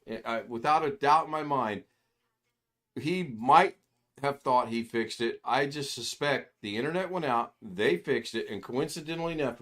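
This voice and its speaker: An older man hosting a casual livestream. He rambles through anecdotes at an ordinary middle pitch, acting out the people in his stories and chuckling as he goes. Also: fairly bright tone. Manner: rambling storyteller who acts out quoted voices, chuckling often. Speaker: livestream host. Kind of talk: casual chat.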